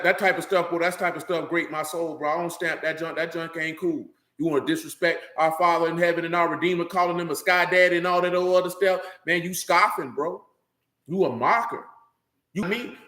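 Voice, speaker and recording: A man's voice: on the high side, pushed and bright. Fiery slangy preacher man, echoey room. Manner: intense, slangy, confrontational. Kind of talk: fiery street-talk sermon.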